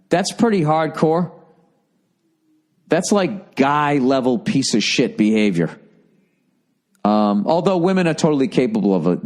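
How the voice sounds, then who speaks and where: A man's voice: on the low side, darkish tone. Blunt, profane middle-aged man. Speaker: podcast host. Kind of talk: casual advice rant.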